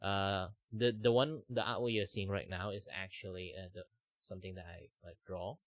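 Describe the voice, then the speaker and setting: A man's voice: low-pitched, flat delivery, normal speed, dry recording. A man from Malaysia, chatting casually on his stream in a rambling way, with lots of fillers. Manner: rambling, with many fillers and laughs. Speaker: streamer host.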